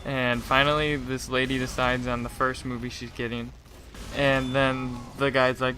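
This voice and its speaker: A man's voice: medium pitch, flat delivery, moderate pace, noisy background. A young man casually ranting through a story, with lots of fillers, restarts and laughing asides. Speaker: gaming channel host.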